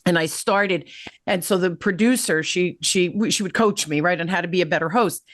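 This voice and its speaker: A woman's voice: on the low side, moderate pace, dry recording, clean studio sound. A middle-aged woman from New Jersey hosting a podcast, telling stories in a chatty way and often checking in with "right?". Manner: chatty storyteller, keeps asking "right?". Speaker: podcast host. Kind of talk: casual interview chat.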